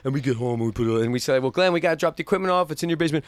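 A man's voice: a little high, rapid-fire, hardly any pauses, no room sound. A man in casual crude banter, swearing freely, laughing and acting out voices in his stories.

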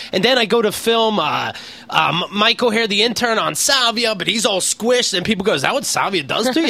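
A man's voice: extremely high pitch, pushed and bright. A man from Pennsylvania co-hosting a podcast, telling an exasperated, profane story in casual comedic chat. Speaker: podcast co-host.

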